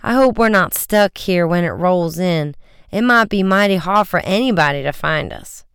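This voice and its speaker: A worried teenage boy, as an audiobook reader puts him on, speaking with a concerned, uneasy tone. The recording is very clear and dry, close to the mic. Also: mid-range voice, moderate pace, dry recording, pitched above the performer's own voice. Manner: excited then anxious.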